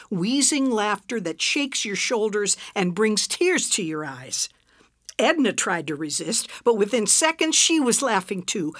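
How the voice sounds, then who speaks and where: Woman, storybook narrator, slow pace, lively pitch, dry close sound. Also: dry recording. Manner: expressive, unhurried reading.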